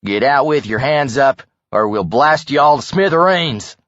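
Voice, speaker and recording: A man's voice: mid-range voice, expressive, moderate pace, fairly bright tone, dry recording, muffled recording, close to an everyday voice. A man reading an audiobook and voicing a menacing armed man in his thirties who gives threats. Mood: threatening. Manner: menacing, commanding.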